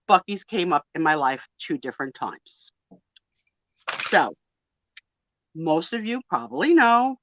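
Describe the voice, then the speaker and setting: A woman with a New Jersey accent telling stories on a casual live stream, animated and self-mocking. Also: medium pitch, no echo, dull audio. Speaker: co-host of a live sale stream. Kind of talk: casual storytelling chat.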